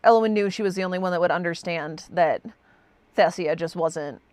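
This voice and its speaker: A young woman co-hosting a casual book chat, chatty and animated. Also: lowish voice, moderate pace, no room sound. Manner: chatty, animated, fond of quoting characters. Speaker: podcast co-host.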